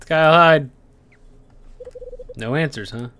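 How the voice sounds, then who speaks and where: A tired let's play host, musing aloud in a low-key voice while playing a detective game. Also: slow pace, fairly bright tone, slight background noise. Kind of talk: casual game commentary.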